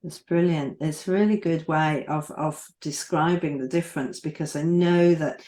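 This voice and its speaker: A woman hosts the interview, affirming her guest and steering the talk. Her voice is low for a woman, and it rings in an echoey room. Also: normal speed, warm tone. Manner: affirming, encouraging. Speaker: podcast host. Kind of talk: interview hosting.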